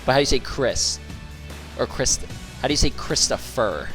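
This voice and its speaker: A man's voice: mid-range voice, big pitch swings, normal speed, a bit bright, faint music behind. A male streamer chatting casually and joking around, repeating words as he tries out pronunciations.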